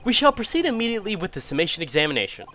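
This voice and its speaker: A man's voice: high-pitched, very animated, racing, bright, forceful tone, slight background noise, voice pushed up, exaggerated voice. A man voicing a formal older judge presiding over a court, with stately courtroom phrasing.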